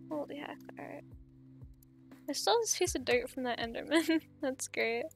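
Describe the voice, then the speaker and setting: A woman's voice: high voice, normal speed, gravelly, faint music behind. A woman streaming a game, chatting casually, bubbly and affectionate, swearing freely. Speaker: gaming streamer. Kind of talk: casual chat while playing.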